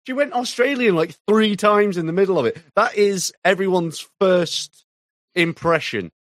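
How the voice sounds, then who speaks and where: Blunt English man with a lively voice. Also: sits high, moderate pace, dry recording. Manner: blunt, sweary, mocking. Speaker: podcast co-host. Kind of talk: casual banter.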